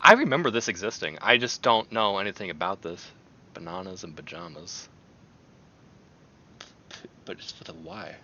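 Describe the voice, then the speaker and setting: A male streamer chats casually, rambling and exclaiming as he goes. His voice is very bright and jumps widely in pitch. The audio sounds dull and lo-fi. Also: sing-song, fairly quick, a little hiss or hum.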